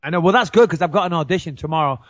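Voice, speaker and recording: A man's voice: fairly high pitch, very fast, dry recording, dull audio. A British man co-hosting a podcast in casual chat, a rambling, laughing storyteller who admits to being argumentative. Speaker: podcast co-host.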